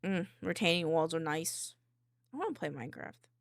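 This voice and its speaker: A woman streamer reacting to videos in casual commentary, excitable, swearing often and laughing a lot. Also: deep voice, moderate pace, creaky, dry recording, clean studio sound.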